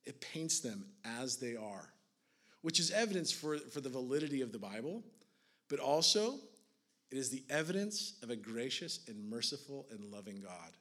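A man preaching a sermon in a casual, conversational way, swinging from hushed, near-whispered lines to intense, raised passages. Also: mid-range voice, very animated, moderate pace. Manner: conversational, fillers of "like", rising to intense then hushed. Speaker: pastor.

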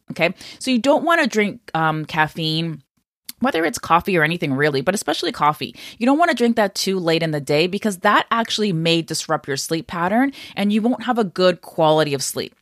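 A woman's voice: fairly low pitch, sing-song, fairly quick, fairly bright tone, no room sound. Upbeat woman podcast host giving health tips, chatty coachy vibe, dry close mic. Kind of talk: casual health podcast talk.

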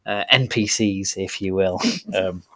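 A man's voice: low-pitched, measured pace, fairly bright tone. A man co-hosting a podcast in casual chat, laughing often and restarting his sentences. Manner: laughing, hesitant with many restarts. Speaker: podcast co-host.

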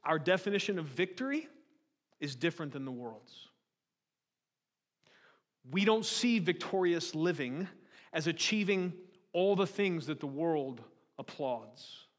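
Guy preaching, high-ish voice, lots of questions to the crowd, big echoey church hall. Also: measured pace, pauses often. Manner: animated preaching, rhetorical questions to the congregation. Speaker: pastor. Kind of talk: sermon. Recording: long hall reverb.

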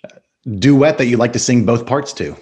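A man hosting a casual podcast interview, upbeat and quick to laugh. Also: mid-range voice, darkish tone, breathy edge. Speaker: podcast host.

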